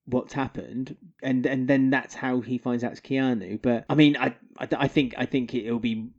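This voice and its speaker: This is a lively podcast co-host in casual chat, often laughing and jumping between quick asides. The voice sits at a middle pitch. The sound is a little dull and lo-fi.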